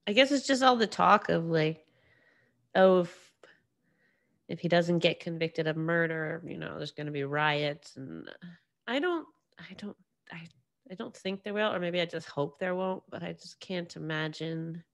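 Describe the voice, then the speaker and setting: एक युवा महिला होस्ट, जो अकेले बैठकर अपने पॉडकास्ट पर बिखरी-बिखरी बातें करती है, बार-बार वाक्य अधूरे छोड़कर फिर से शुरू करती है और खुद पर ही हँसती है।. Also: female voice, fairly low pitch, expressive, a little slow. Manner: rambling, self-deprecating, many restarts. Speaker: podcast host. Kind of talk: casual solo monologue.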